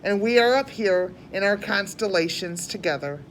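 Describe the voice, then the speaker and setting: A woman's voice: mid-range voice, lively intonation, normal speed, a little hiss or hum, natural voice, low-quality recording. A woman reading the taunting night stars. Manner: taunting and aloof. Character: mocking stars in the night sky.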